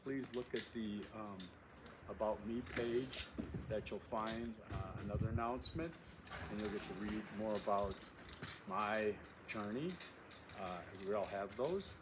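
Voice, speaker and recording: A course instructor with a fairly low voice and an unhurried pace introduces his class in a casual video recorded at a windy outdoor overlook. He speaks emphatically, repeating key phrases and using lots of fillers, with wind noise in the background.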